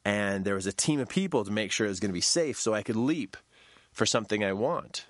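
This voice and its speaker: Man, storyteller, motivational talk, very lively pitch, dry close sound. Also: a little fast, dry recording. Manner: animated storytelling, shouts quoted lines high.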